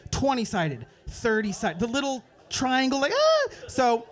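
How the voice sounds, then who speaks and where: A young man doing a stand-up set at an open mic night, telling a rambling story and dropping into quick voices for the people in it. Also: high-pitched, lively intonation. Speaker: stand-up comedian. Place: open mic comedy club.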